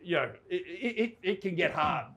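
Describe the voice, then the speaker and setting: An Australian man with a fairly high voice tells stories in an animated, laughing way. He often stops and restarts his sentences, like a guest chatting casually in a pub. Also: moderate pace. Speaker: guest, entertainment reporter. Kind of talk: casual storytelling chat.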